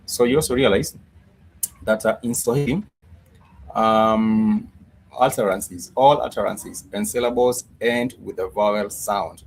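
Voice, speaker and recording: A man teaches a Swahili lesson online, patiently repeating words and drilling them slowly, with plenty of fillers and restarts. His voice is on the low side and steady in tone, and the poor audio carries slight background noise.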